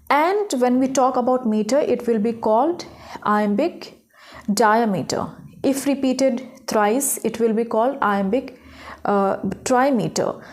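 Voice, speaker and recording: Higher-pitched woman lecturing. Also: darkish tone. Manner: explanatory, frequent fillers and "okay?" checks. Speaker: English literature teacher. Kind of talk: recorded online lecture.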